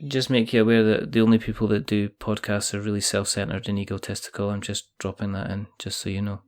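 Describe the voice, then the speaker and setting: A man's voice: on the low side, completely flat delivery, quick pace, a little mellow. A Scottish man hosting a casual podcast chat, jokey, rambling and self-mocking. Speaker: podcast host.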